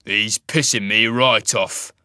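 A rough, angry talking wolf, voiced by a man growls his lines with a raspy edge. It is a storybook reading with a close, dry sound. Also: medium pitch, normal speed, pushed and bright, no echo.

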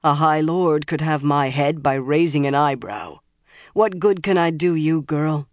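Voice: mid-range voice, unhurried, no room sound, close to an everyday voice. A narrator voicing a frightened, beaten-down old woman who talks in a shaky, defeated way, in a dry recording. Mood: dejected.

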